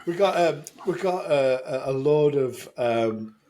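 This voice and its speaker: Casual male podcast co-host, animated delivery, loose and chatty. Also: mid-range voice, unhurried. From Scotland. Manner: chatty, stumbling restarts, bursts of loud laughter. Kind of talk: casual chat.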